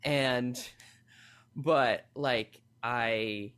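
Fast-talking, tangential male comedian. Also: medium pitch, clear, resonant tone. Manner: fast, tangential, animated, full of "like" and self-deprecating asides. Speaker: comedian guest. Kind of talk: casual chat. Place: New York.

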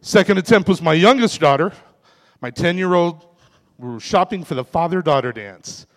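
A man in his forties doing a stand-up comedy set on a club stage, delivering self-mocking punchlines in a deadpan way. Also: sits high, moderate pace. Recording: reverberant club room.

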